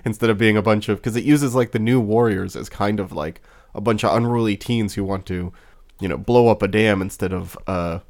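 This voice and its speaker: A man's voice: on the low side, fairly quick, a little mellow. A man co-hosting a podcast, rambling in casual chat with many fillers and wry laughs. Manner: rambling, lots of fillers and restarts. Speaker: podcast co-host.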